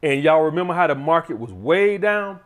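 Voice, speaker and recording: A blunt man talks straight to his viewers in a casual, profane advice monologue, checking in with them again and again. His voice sits a little higher than most men's. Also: animated, moderate pace. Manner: blunt, profane, keeps addressing the audience as guys. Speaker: channel host giving money advice.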